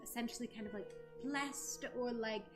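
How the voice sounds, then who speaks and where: A woman player in a tabletop game who reacts excitably with exclamations and questions. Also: on the high side, moderate pace, music in the background.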